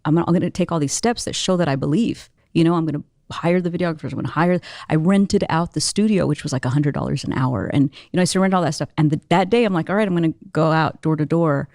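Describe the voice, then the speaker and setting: A young adult woman, a guest, telling her life story in an interview, animated and quick, with many fillers. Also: low voice, dry recording, clean studio sound. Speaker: guest entrepreneur and musician.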